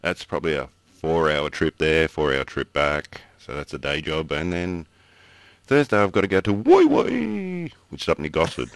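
A man's voice: a bass voice, sing-song, moderate pace, dry recording. An Australian man chatting casually as a podcast co-host, rambling through stories and chuckling between them. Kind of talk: casual chat.

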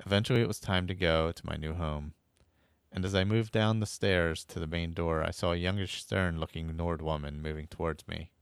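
Very deep-voiced man telling a story. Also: steady tone, fairly quick, vocal fry, clean tone, no room sound, studio quality. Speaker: podcast storyteller. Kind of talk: first-person storytelling narration.

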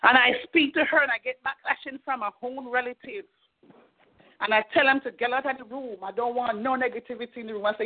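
A middle-aged woman minister speaks in a high voice with earnest fervor, sharing her testimony and urging her listeners. She sounds thin and tinny, as if heard over a telephone conference line. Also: fairly even intonation, brisk. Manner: earnest, fervent storytelling. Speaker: minister leading a prayer call. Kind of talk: testimony and exhortation on a conference call.

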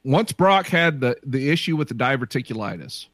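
A man's voice: medium pitch, animated, a little fast, a bit bright, no room sound, clean studio sound. A man, a guest ring announcer, giving confident opinions in casual chat.

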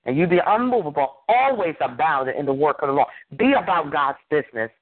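A man's voice: on the high side, sing-song, brisk, no echo. A man preaching a sermon as pastor, emphatic and repetitive, drawing call-and-response from the congregation. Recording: tinny phone-like dry sound.

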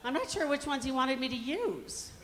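A high, animated woman's voice at normal speed. She's a Colorado woman in her fifties performing stand-up on a stage microphone, landing brash, self-mocking punchlines in a reverberant hall with faint background noise.

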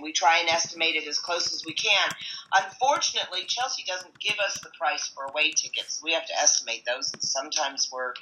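A woman who organizes tickets for a supporters' club, telling stories in a chatty, animated podcast style. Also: fairly low pitch, low-quality recording. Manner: chatty, animated, retells conversations with asides. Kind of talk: casual podcast storytelling.

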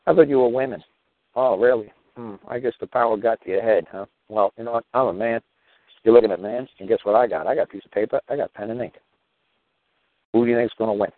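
A man's voice: lowish voice, fast talker, no room sound. A man hosting a talk show, delivering a combative monologue full of rhetorical questions. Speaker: show host. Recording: tinny phone-like radio audio.

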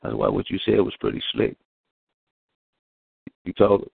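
A man's voice: lowish voice, big pitch swings, moderate pace, vocal fry, breathy edge. A man talking in a casual podcast discussion, preachy and profane, acting out quotes in between. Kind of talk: casual street-talk discussion. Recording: dry, phone-like band.

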